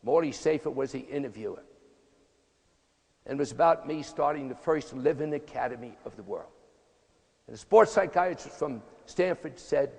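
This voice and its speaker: A man's voice: medium pitch, normal speed, creaky, a little mellow, husky. A man in his eighties giving a motivational speech in a punchy, emphatic, folksy way. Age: 80s. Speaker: motivational speaker, tennis coach. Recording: echoey hall reverb.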